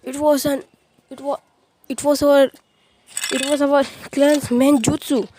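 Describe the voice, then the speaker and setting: Lady retelling a fan story, rambly, restarts a lot, kinda high voice, bit of noise. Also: flat delivery, measured pace. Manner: rambling, filler-heavy, frequent restarts.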